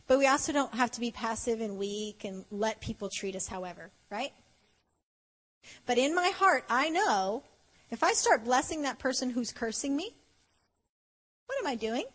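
A woman's voice: a little high, animated, moderate pace, husky. A woman preaching at a conference, playful and conversational, acting out little dialogues with laughs. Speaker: conference speaker. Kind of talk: conference sermon. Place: conference hall. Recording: long hall reverb.

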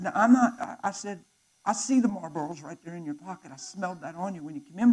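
A man, a pastor telling a story in a sermon, acting out both sides of the conversation and swinging from hushed to loud. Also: sits high, normal speed, pauses often, low-quality recording.

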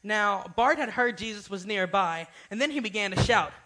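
A man's voice: high-pitched, animated, moderate pace, bright, forceful tone, rough recording. A young man giving a casual youth sermon, informal and often asking "right?". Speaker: youth speaker.

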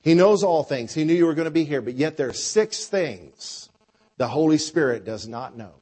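A man preaching a sermon with a conversational style, dropping to quiet lines and rising to loud, drawn-out phrases. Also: on the high side, lively intonation. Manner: preacher with a dynamic delivery, swinging between soft and loud. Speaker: pastor.

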